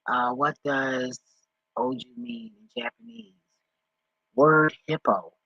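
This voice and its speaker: A man talking off the cuff in a vlog, rambling and excitable, swearing often as he reads and reacts. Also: medium pitch, slow, gravelly, no echo, highs cut off. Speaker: vlogger.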